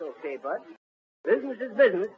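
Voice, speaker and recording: Boastful tall-tale spinner, high and folksy, 1930s radio comedy. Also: male voice, big pitch swings, fast. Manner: blustering, folksy, rambling storyteller with ungrammatical speech. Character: boastful middle-aged male braggart spinning tall tales. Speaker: comic lead telling a tall tale. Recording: muffled 1930s radio recording with faint hiss.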